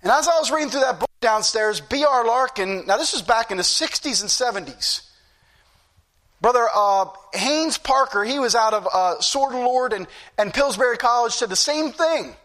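A man's voice: very high voice, lively intonation, normal speed, fairly bright tone. A middle-aged man preaching a fervent sermon, repeating phrases for emphasis.

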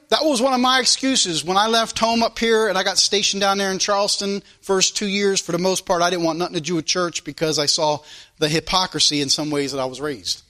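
Male preacher, high bright voice, church sermon that swings between loud and quiet. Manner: preaching with sudden rises and drops in loudness. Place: church service.

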